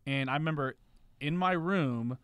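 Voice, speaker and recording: A man's voice: a little high, normal speed, a bit bright, clear, resonant tone, no echo, clean studio sound. A man speaking as a podcast guest, raw and confessional, swearing freely. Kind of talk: candid podcast conversation.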